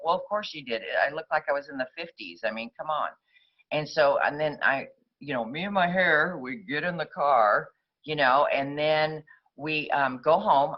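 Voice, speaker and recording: Woman, recovery meeting speaker, rambling conversational storyteller, muffled lo-fi recording. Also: extremely low pitch.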